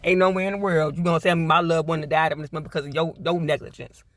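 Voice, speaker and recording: A man recapping and reviewing a TV episode, with animated, profane, indignant ranting. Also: on the high side, quick pace, no room sound. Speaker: TV show reviewer.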